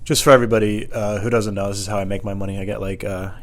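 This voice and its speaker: A man's voice: little pitch movement, racing. A young man hosting a solo podcast from home, rambling and self-deprecating. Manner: self-deprecating, meandering, puts on squeaky voices for others. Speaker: podcast host. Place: home room, alone.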